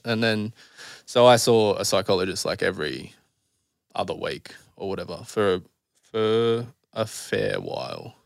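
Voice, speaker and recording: A man's voice: on the low side, very animated, unhurried, creaky, no echo, studio quality. A man in his thirties, a podcast guest telling his story candidly in a blunt, rambling way, swearing freely. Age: 30s.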